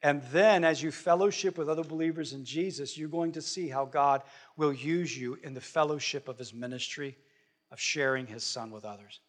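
Male pastor, slightly higher voice, earnest conversational sermon delivery, slows down on key words. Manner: earnest, conversational preaching with slow, drawn-out emphasis. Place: church sanctuary.

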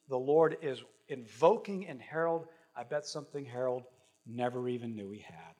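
A man's voice: mid-range voice, moderate pace. A man preaching a sermon as pastor, earnest and conversational, stretching out key phrases for emphasis. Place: church sanctuary.

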